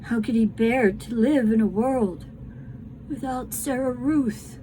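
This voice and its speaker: A woman reading a children's book aloud to a class, tender and unhurried. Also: fairly high pitch, dark tone, a little hiss or hum, low-quality recording. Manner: slow, tender storytelling.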